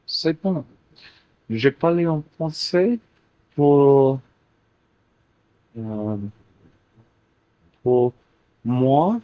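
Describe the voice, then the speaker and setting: A man channeling a playful, teasing female spirit in a slow, halting way, in a channeling session. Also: mid-range voice, no echo. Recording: dull dry lo-fi recording.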